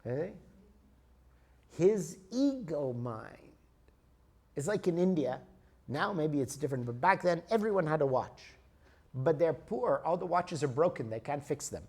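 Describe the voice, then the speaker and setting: A man's voice: fairly high pitch, animated, unhurried, long pauses, darkish tone, husky. A man in his sixties giving a spiritual lecture, telling stories in a conversational way to explain his points. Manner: storytelling, conversational, explains with examples.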